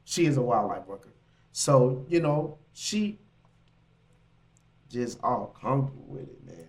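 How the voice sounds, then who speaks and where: A man hosting a casual reaction stream with a slightly high voice. He riffs in loose slang, laughing as he reacts to what he reads. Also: a little slow. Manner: animated, laughing, slangy asides. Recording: mic.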